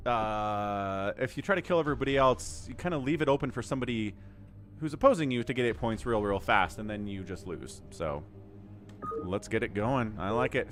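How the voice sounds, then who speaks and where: An upbeat, talkative man hosts a live game stream at a middle pitch, greeting and thanking viewers by name. Clear music plays behind his voice the whole time.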